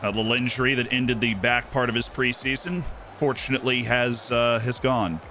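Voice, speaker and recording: A young man streaming himself playing a football management game, muttering asides and then shouting with delight when his team scores. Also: mid-range voice, moderate pace, soft background music. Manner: excitable, swings from mumbled asides to shouting at goals. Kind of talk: live gameplay commentary.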